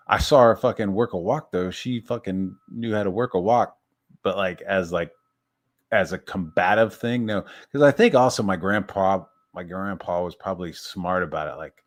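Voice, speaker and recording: A man casually telling a rambling personal story, swearing freely and often restarting his sentences. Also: low voice. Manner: rambling, profane, self-interrupting. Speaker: streamer.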